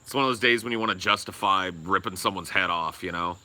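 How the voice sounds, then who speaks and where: Guy ranting on a podcast, super bright sharp voice, cursing a lot, kinda low. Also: quick pace. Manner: profane, rambling, loud bursts of laughter. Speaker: podcast co-host. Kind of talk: casual chat.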